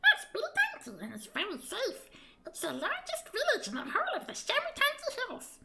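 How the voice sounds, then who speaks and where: A woman doing a squeaky little winged sprite. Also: wildly swooping pitch, normal speed, heavy background noise, full character voice. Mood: chirpy, eager. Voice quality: squeaky high chirpy voice. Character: tiny cheeky winged male sprite, impatient. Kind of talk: gamebook read-aloud voice acting.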